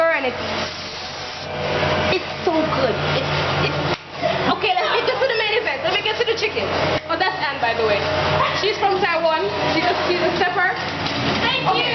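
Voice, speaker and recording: Excited high-voiced woman in a noisy kitchen. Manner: excited, animated show-and-tell. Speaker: cook showing her food. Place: ship's kitchen. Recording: echoey, dull, loud noisy kitchen clip.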